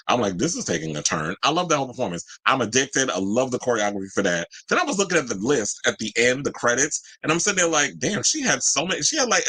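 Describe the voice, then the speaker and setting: A man in his forties hosting a casual pop-culture chat, sassy and animated, swinging his pitch up into exclaimed asides. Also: dry recording. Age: 40s. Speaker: podcast host.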